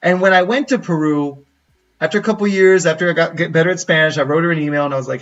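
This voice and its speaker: Animated man telling a story from afar. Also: fairly high pitch, fast. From United States. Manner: animated, acts out quoted people in his story. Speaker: college counselor, channel host. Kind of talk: casual storytelling livestream. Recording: dull lo-fi audio from a distant mic.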